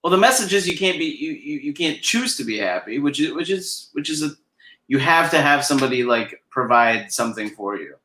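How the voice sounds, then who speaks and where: A man who is a father and podcast co-host, reading a picture book aloud and then ranting playfully about it with quick laughs. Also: on the high side, sing-song, sharp tone, reverberant.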